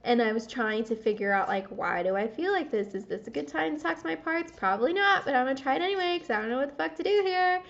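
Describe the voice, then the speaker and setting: Young woman, confessional gaming vlogger; rambles, swears freely, keeps cutting herself off. Fairly high voice, dull lo-fi audio. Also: lively intonation, fast talker, creaky, hardly any pauses. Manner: rambling, swears often, self-interrupting.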